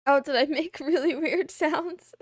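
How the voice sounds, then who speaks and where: High-pitched woman streamer, slow and playful. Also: no echo, studio quality. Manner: playful, greets chat by name, meows and giggles; complaining, self-deprecating. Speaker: VTuber streamer. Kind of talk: casual live-stream chat.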